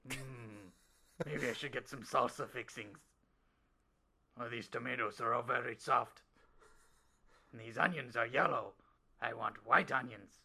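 A man putting on a quiet, muttering male wrestler talking to himself while shopping. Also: medium pitch, measured pace, creaky, pauses often, slightly rough, heavily acted. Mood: musing. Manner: hushed, murmuring to himself.

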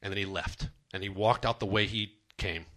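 A man's voice: fairly low pitch, fairly even intonation, moderate pace, fairly bright tone. A young man performing a true story on a comedy stage, dramatic and self-mocking.

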